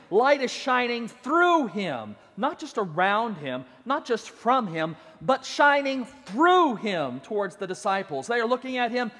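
A man's voice: extremely high pitch, a bit bright. Guy preaching in a big echoey church, dramatic storyteller, acts out every quote. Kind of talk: sermon. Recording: long hall reverb.

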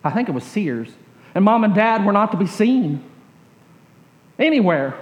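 High-voiced pastor telling a slow story. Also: male voice, sing-song. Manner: slow repetitive storytelling, trailing off quietly at phrase ends. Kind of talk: sermon with a personal story.

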